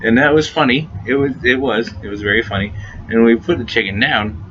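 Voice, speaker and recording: A man's voice: medium pitch, brisk. A man telling a casual story, swearing freely, often laughing and stumbling over his words. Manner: profane, laughing often, repeats and restarts words. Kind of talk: casual anecdote. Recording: dull lo-fi recording with faint noise.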